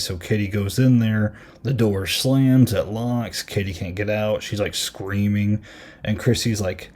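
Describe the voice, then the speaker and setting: A man's voice: fairly low pitch, flat delivery, normal speed, warm tone. A man hosting a podcast, giving a casual, rambling film review full of fillers and retold lines. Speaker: podcast host.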